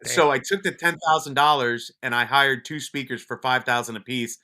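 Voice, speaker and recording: A man appears as a podcast guest, a police officer and wellness advocate telling casual stories from his police career. He's blunt, swears freely, and often restarts his sentences. His mid-range voice has fairly even intonation, normal speed, and a bright, forceful tone, with a little hiss or hum in the audio.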